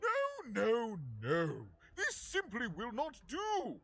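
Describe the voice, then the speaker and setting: An actor playing a pompous, fussy noble duke who speaks haughtily and theatrically, with a husky voice. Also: male voice, a little high, wildly swooping pitch, unhurried, fairly bright tone, soft background music, exaggerated voice. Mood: haughty.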